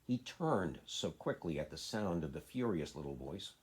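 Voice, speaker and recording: A man, a father, reading a children's classic aloud in a steady, plain way. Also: sits low, moderate pace, husky. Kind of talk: storybook reading.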